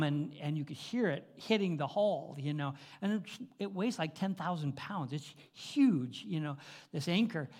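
A man preaching, telling a story in an animated way, with frequent restarts and chuckles. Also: fairly high pitch. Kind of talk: sermon storytelling.

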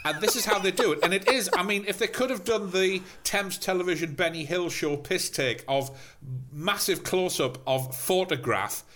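A man's voice: high voice, normal speed, a bit bright. A man co-hosting a comedy podcast about old television, making sardonic, sweary put-downs. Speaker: podcast co-host. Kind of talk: casual comedic chat reviewing old TV.

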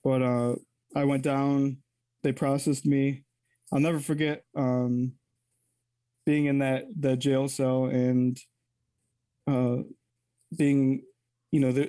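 A man's voice: mid-range voice, mellow, no room sound. A man telling a personal story as an interview guest, candid and rambling, often correcting himself mid-sentence.

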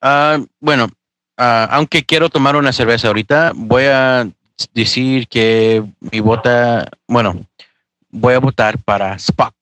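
A man on a podcast panel, calmly giving his vote with pauses as he thinks. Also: medium pitch, no room sound.

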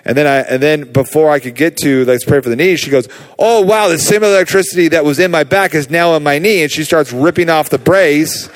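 A man preaching, telling a personal healing story in a casual, animated way with many fillers. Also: a little high, fairly quick, few pauses. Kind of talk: sermon testimony.

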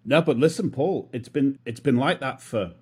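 A British man in casual conversation, self-mocking and quick to laugh. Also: mid-range voice, a little mellow, breathy edge. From Britain. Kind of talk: casual chat.

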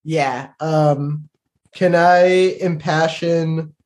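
A man describing his character's moves in a tabletop game, hesitant and full of fillers. His voice sits slightly high for a man and he speaks slowly. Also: steady tone, darkish tone. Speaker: player. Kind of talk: casual tabletop play.

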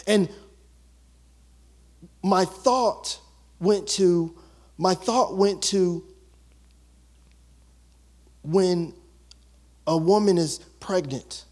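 A man preaching a sermon as pastor, emotional and building to excited shouts. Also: high-pitched, extremely slow, long pauses.

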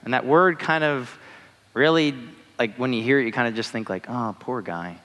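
A young male preacher talks through a relaxed, conversational sermon, often leaning on filler words. His voice is mid-pitched, and a long reverb trails after each phrase in a large church hall. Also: moderate pace. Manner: conversational, uses many fillers like "like" and "you know". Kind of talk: casual sermon.

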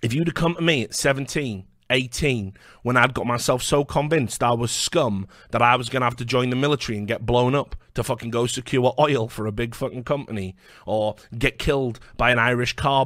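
A man's voice: medium pitch, a bit bright, no room sound, clean studio sound. A British man delivering a heated, profane video rant, combative and full of stammered restarts. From Britain. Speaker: online commentator.

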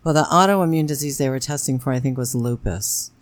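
A woman's voice: very deep voice, a little fast, no echo. A woman in her forties co-hosting a podcast in casual chat, blunt and frank and swearing freely. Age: 40s. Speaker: podcast co-host.

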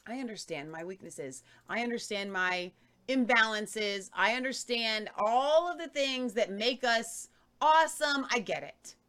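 A woman's voice: fairly high pitch, measured pace, fairly bright tone, clean tone. A woman co-hosting a news commentary show, talking emphatically and reading viewer comments aloud. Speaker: co-host.

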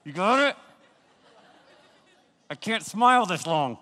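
This youth pastor's joking sermon to young people is slow, pushed, and bright, with big pitch swings, his voice a little high for a man. He stops to laugh and act out his listeners' reactions. Some chatter can be heard behind him in the long reverb of a large church hall, where a camera crew is filming.

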